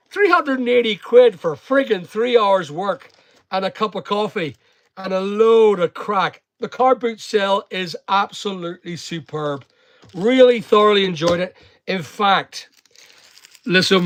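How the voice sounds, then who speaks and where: A man's voice: a little high, fairly bright tone, no room sound. A middle-aged man rambling casually to his viewers in a vlog, jumping between topics and breaking off to greet people. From United Kingdom. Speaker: online seller and vlogger.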